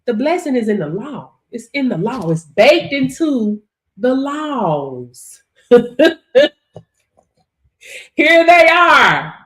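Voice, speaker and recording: A woman's voice: a little high, big pitch swings, slow, darkish tone. A woman hosting a motivational livestream, talking to viewers in a preachy way and laughing often. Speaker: livestream host.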